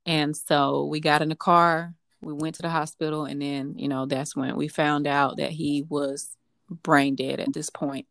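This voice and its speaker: A young woman with a low, deep voice recounts a personal story as a podcast guest. She speaks hesitantly, pausing and restarting often, filling gaps with soft fillers. The recording is dry and close, with no room sound. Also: flat delivery, gravelly, dry recording. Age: young adult.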